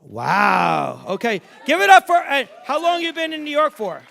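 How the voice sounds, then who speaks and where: A man's voice: very high voice, wildly swooping pitch, normal speed, gravelly, pushed and bright, raised voice. A middle-aged man performing live stage magic in a theater, bantering with the crowd in a brash, joking, swearing way. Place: large theater stage before a live audience.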